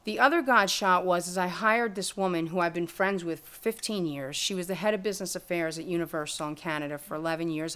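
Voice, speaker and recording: Bright-voiced, blunt storytelling woman. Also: on the low side. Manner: blunt, profane, animated retelling. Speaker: guest, music lawyer and teacher. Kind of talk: candid storytelling interview. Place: room with a live audience.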